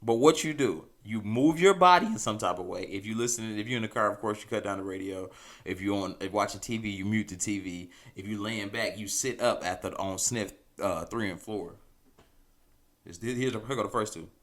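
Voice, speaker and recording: Man, podcast host, casual storytelling, animated, chuckling, lowish voice. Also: a little fast. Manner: animated, chuckling, loose conversational delivery.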